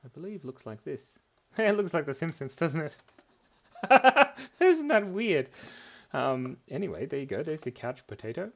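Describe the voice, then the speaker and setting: A man leads a live drawing class for children, chattering as he sketches and playing with silly words. His pitch leaps up and down all over the place, while his pace stays slow and unhurried. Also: very animated, creaky. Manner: playful, goofy wordplay, talking while drawing.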